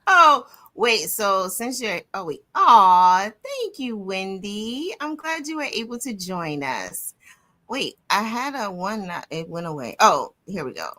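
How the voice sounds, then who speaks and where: A woman's voice: medium pitch, very animated, slow, sharp tone, no echo. A woman co-hosting a live craft stream on a video call, reading out viewer comments and gushing with big swoops of surprise.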